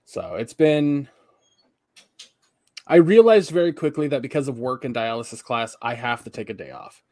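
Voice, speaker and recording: A young man co-hosting a podcast, telling rambling stories full of swearing. His pitch sits in a middle range. The sound is dry and close, with no room around it. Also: animated, normal speed, dark tone, no room sound. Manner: profane, rambling storytelling. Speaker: podcast co-host. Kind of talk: casual chat.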